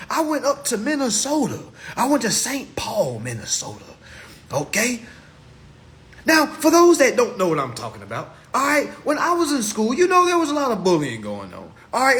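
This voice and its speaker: A man on a live phone stream giving an impassioned monologue, swinging from loud exclamations to low muttering and repeating "all right?" constantly. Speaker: livestream host.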